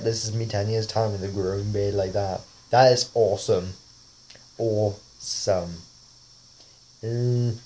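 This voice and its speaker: A man's voice: fairly low pitch, a little mellow, slight background noise. A man casually talking over a face-swap app, rambling and often laughing. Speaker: vlogger.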